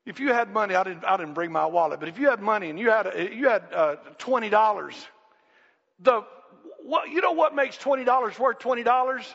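Guy preaching a sermon, high voice, loud bits, long church echo, kinda muffled lo-fi sound. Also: brisk, gravelly. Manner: animated preaching, acts out quoted voices, shouts for emphasis. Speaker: pastor. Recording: dull lo-fi sound with long reverb in a hall.

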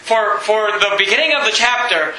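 A man preaching a sermon, animated and rising to near shouts on key points, reading scripture in a lower, slower voice. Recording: echoey room with faint ambience.

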